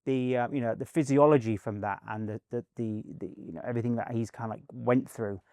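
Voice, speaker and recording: A man's voice: mid-range voice, fairly quick, no room sound. A middle-aged man, a performance coach, telling stories in a casual interview with many restarts. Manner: rambling, many fillers and restarts, animated anecdotes.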